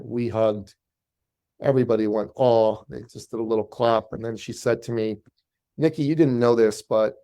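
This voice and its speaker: A man's voice: on the low side, vocal fry. A man, a business coach, telling a personal story in a podcast interview and acting out the people in it. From Canada. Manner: animated storyteller, acts out quoted voices.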